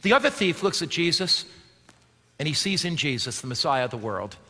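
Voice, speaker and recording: A male pastor preaching a sermon, swinging from loud declaiming to a hushed near-whisper and asking his listeners rhetorical questions. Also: a little high, big pitch swings, fairly quick. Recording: long hall reverb.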